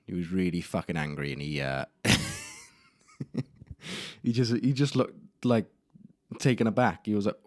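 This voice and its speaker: A man's voice: low-pitched, animated, moderate pace, pauses often, a little mellow, dry recording, clean studio sound. A young man hosting a solo podcast, telling embarrassing stories in a rambling, self-deprecating way with casual swearing. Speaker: podcast host. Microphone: camera mic in a room.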